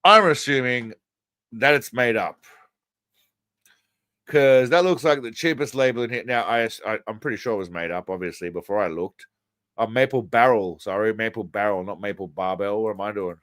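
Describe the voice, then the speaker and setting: A man's voice: on the low side, moderate pace, a bit bright, dry recording. Crude, mocking livestream host man. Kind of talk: casual livestream commentary.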